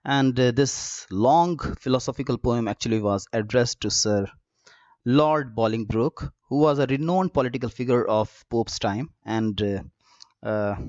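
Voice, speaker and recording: A man teaching a literature lesson in a measured, explanatory way, with frequent "uh" fillers. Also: mid-range voice, dry recording. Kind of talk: recorded lecture. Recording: dull, dry lo-fi recording.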